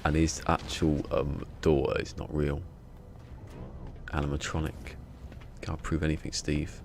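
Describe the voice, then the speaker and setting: Gravelly deep-voiced man streaming. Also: level tone, unhurried, darkish tone, a little hiss or hum. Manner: joking, rambling, laughs often. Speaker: live streamer. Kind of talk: casual live stream chat.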